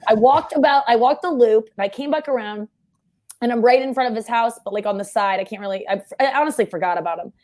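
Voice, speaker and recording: A young woman in casual chat, telling a story fast and animatedly and shouting out the quoted lines. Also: on the high side.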